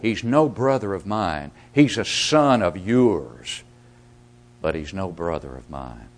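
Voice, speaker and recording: A man's voice: sits low, very animated, slow, pitched below the performer's own voice, full character voice. A man voicing a resentful, self-righteous elder brother who complains indignantly in a sermon.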